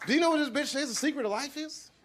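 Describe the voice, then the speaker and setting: A man doing profane stand-up comedy on a live stage, animated and acting out the voices of people he quotes. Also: very high voice, rapid-fire. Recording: loud crowd laughter over noisy live sound.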